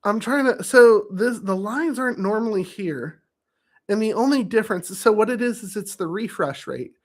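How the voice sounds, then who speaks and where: A man hosting his own vlog, chatting casually on camera into a studio microphone on a stand, jokey and self-amused, with sudden loud exclamations. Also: high-pitched, lively intonation, normal speed. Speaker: show host.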